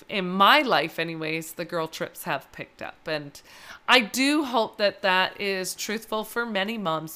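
A woman's voice: fairly low pitch, bright, forceful tone, clear, resonant tone. A middle-aged woman co-hosting a casual podcast chat, telling stories and laughing often. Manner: chatty storyteller, laughs often. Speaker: podcast co-host.

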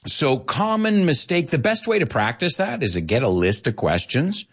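A man hosting an English lesson in a chatty, lively way, dropping Spanish words in between and laughing often. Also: a little high, normal speed, slightly rough. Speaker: English teacher and show host. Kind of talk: live online English lesson.

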